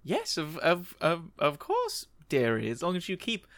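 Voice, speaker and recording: A man voicing a genteel elderly English woman with a quavering, high, fussy, polite voice. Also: wildly swooping pitch, measured pace, a bit bright, no echo, exaggerated voice. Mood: chirpy. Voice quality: quavering high old-lady voice.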